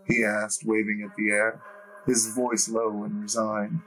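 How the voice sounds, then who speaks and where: A man reading a first-person story as an audiobook narrator, in a measured, deliberate way. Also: fairly low pitch, monotone, fairly bright tone, faint music behind, rough recording.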